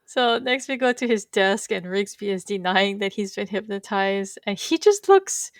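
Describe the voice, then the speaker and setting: A woman's voice: medium pitch, expressive, moderate pace, no echo, studio quality. A woman co-hosting a podcast, casually recapping a TV episode, chatty and laughing often. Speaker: podcast co-host.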